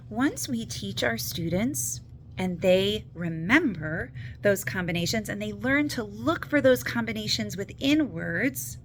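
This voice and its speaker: Upbeat lady reading teacher talking to parents, encouraging, punches key words, mid pitch, faint noise behind. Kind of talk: educational talk to parents.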